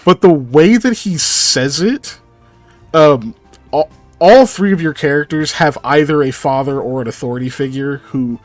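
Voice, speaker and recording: A man's voice: on the high side, a little slow, no echo, soft background music. A man running a tabletop game as game master, rambling and laughing often through his narration.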